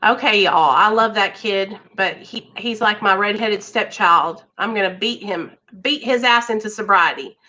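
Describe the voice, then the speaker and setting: A woman's voice: mid-range voice, normal speed, hardly any pauses, bright, forceful tone. A woman hosting a recovery channel, talking casually with a friend in blunt, caring, pleading words. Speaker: host. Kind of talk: casual chat.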